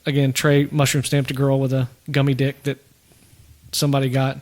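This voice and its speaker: A man's voice: mid-range voice, completely flat delivery, a little fast, a little mellow. A man in his thirties hosting a podcast, telling stories in casual chat and laughing as he goes. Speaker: podcast host.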